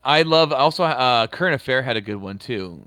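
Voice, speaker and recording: A man in his thirties co-hosting a podcast, rambling and swearing as he tells animated stories in casual chat. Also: medium pitch, brisk, no room sound. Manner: rambling, profane, animated storytelling. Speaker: podcast co-host.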